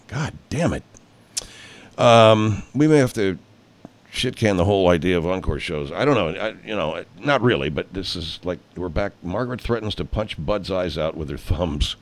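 Rambling, foul-mouthed male host, lively pitch. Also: normal speed. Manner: rambling and profane, full of fillers. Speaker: show host. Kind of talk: casual pre-show monologue. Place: studio.

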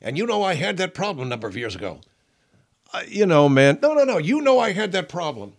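A man's voice: sits high, very animated, fairly quick, creaky, heavily acted. A man voicing a touchy older military general who grumbles defensively in a comedy radio sketch.

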